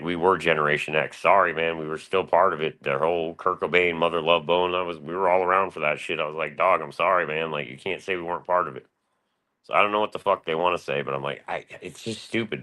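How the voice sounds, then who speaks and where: A man's voice: low voice, quick pace, bright, forceful tone. A man around forty talking in a loose, rambling, profane way on a casual chat stream. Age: 40s. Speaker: panel guest.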